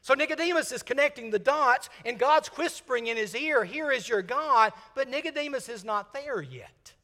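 An older man from Mississippi, preaching a sermon and swinging from loud emphasis to hushed, whispered lines. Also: very high voice, animated, normal speed, big-room sound. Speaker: senior minister.

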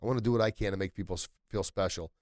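Energetic man telling motivational stories. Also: fairly low pitch, very fast, no echo, studio quality. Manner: energetic storytelling, rising to loud emphatic peaks. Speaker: podcast host. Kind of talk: motivational solo podcast talk.

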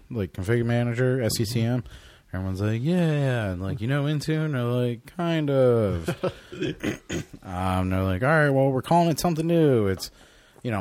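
A man's voice: lowish voice, dry recording. A man, co-hosting a podcast in casual chat, sounding sick and telling stories with lots of swearing. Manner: swears a lot, animated storyteller. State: sick, deep-voiced. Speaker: podcast co-host.

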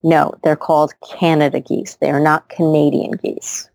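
A woman's voice: low voice, little pitch movement, normal speed, vocal fry, a little mellow, no room sound. A woman in casual podcast chat, insistent as she corrects the others.

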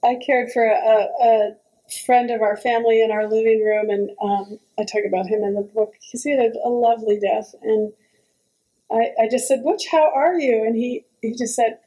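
Gentle woman author, dark tone. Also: fairly high pitch, flat delivery, moderate pace, poor audio. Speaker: author and speaker. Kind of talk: book talk Q&A.

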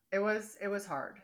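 Animated, exasperated woman podcast host. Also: medium pitch. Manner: animated, exasperated, acts out characters' lines. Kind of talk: casual chat recap.

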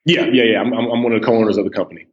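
Laid-back man in his thirties, low voice. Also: fairly even intonation, rapid-fire, lo-fi sound. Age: 30s. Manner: laid-back, stammers on restarts, says "man" and "you know" a lot. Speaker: podcast guest, snack company co-owner. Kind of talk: casual podcast interview.

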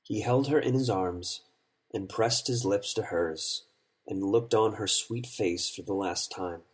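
A man narrating an audiobook story in a measured, solemn way. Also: on the low side, breathy edge.

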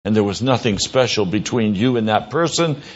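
This is a pastor's radio sermon: a man preaching with earnest emphasis at a slow pace, pitch rising as he pushes each point. His intonation is lively, and the recording has its highs cut off.

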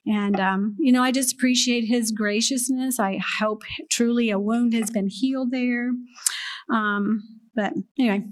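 An older woman sharing a personal testimony with a group, speaking in an earnest, halting way with restarts and soft laughs. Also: on the high side, fairly even intonation.

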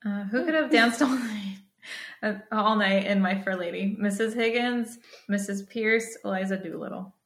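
A young woman co-hosting a casual podcast, chatty and quick to laugh, filling her talk with "like". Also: medium pitch. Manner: chatty, says "like" a lot, quick bursts of laughter. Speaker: podcast co-host. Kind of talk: casual chat. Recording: roomy echo.

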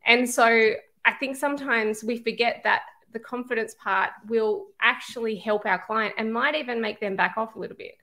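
A woman co-hosts a casual podcast, chatty and reassuring. Her voice sits a little higher than most women's. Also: a bit bright. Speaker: podcast co-host.

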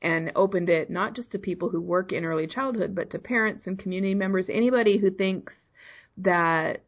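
A woman's voice: mid-range voice, a little fast, lo-fi sound. A woman who works in early childhood education, talking earnestly on a podcast about play and learning. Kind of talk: casual podcast chat.

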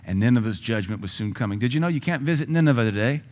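A man's voice: mid-range voice, expressive, fast talker, darkish tone. A male pastor giving a sermon in a conversational way, with sudden emphatic rises and asides.

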